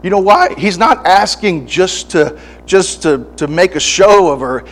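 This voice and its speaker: A man preaching a sermon, often restarting his words, moving from quiet reflection to fervent, pleading prayer. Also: sits high, lively intonation, measured pace. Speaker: pastor. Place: church service.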